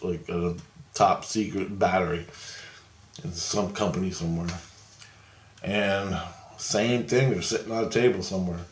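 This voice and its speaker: A middle-aged man casually telling a long story in a rambling way, chuckling often and raising his voice for the people he quotes. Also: on the low side. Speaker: storyteller recounting visions. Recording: roomy, echoey room sound.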